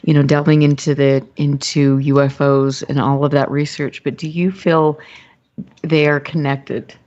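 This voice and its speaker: A woman's voice: low voice, little pitch movement, measured pace, darkish tone, muffled recording. A woman hosting a radio interview, chatting with an enthusiastic manner. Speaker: radio show host. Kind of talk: casual interview chat.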